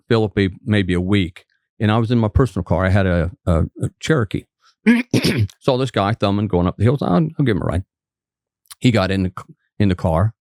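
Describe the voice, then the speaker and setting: A man's voice: lowish voice, a little mellow, dry recording, clean studio sound. An older man from West Virginia, a former trooper turned physician, telling folksy stories as a guest and acting out the quotes. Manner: folksy anecdote teller, acts out quotes. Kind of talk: casual storytelling interview.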